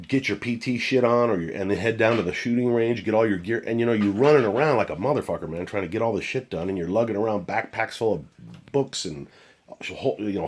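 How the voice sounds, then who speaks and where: An older man telling a war story from his police days in a blunt, profane, casual way. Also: on the low side. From United States. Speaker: retired police officer telling stories.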